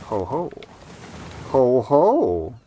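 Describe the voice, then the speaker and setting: A man giving casual let's play commentary, excitable, profane and self-mocking as he plays. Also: mid-range voice, extremely slow, a little hiss or hum.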